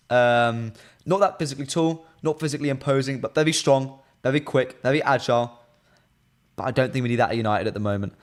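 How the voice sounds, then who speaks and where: A young man with a mid-range voice runs a live football fan stream. He chats casually and with strong opinions, reading viewer comments aloud and saying "um" a lot.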